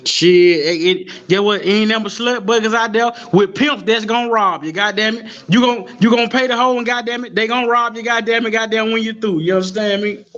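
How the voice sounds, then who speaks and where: Dude with a real high bright voice, swearing a lot, telling stories over a muffled call. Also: male voice, fairly quick, few pauses. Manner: profane, animated storyteller. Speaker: guest rapper. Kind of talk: casual storytelling on a live stream.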